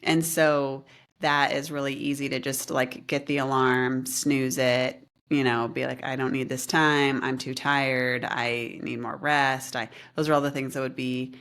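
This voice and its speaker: A woman's voice: a bass voice, a little slow. A woman co-hosting a podcast, telling a story in a chatty way with many fillers. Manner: chatty, many fillers, animated quoted voices. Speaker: podcast co-host. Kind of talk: casual chat, storytelling.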